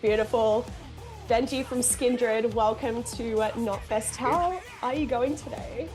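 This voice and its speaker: A woman's voice: a little high, a little slow, music in the background. A woman from Australia hosting a casual festival interview, upbeat and gushing. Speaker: interview host.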